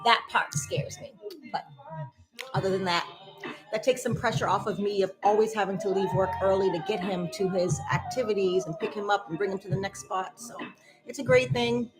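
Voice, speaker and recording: A woman's voice: mid-range voice, moderate pace, low-quality recording. Chatty woman instructor, music behind. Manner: chatty, animated storytelling with whoops and laughs. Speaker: dance fitness instructor. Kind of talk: casual chat to a live class.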